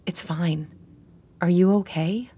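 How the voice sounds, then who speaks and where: A narrator voicing a frightened but brave young woman who speaks in halting, flustered bursts. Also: medium pitch, lively intonation, darkish tone, slightly rough. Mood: hushed.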